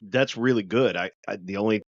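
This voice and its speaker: A man's voice: fairly low pitch, measured pace, no room sound, highs cut off. A man hosting a podcast in casual chat, often repeating a word as he starts a sentence. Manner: stammering, repeats words when starting. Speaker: podcast host.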